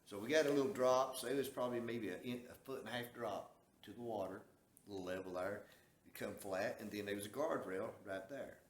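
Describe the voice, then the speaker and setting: A man's voice: on the low side, fairly quick. A man from the Southern US telling a long story in a folksy, drawling way, acting out what people said. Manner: folksy, drawling, acts out quoted dialogue. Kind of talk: casual storytelling. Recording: echoey room.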